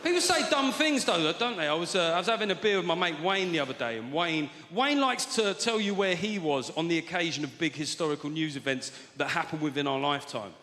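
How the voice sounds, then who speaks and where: A man's voice: on the high side, expressive, brisk, few pauses, sharp tone. A man doing a stand-up routine, telling stories in a dry way that builds to exasperated punchlines. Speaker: stand-up comedian. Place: large theatre stage. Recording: echoey theatre with crowd and noise. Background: audience laughter.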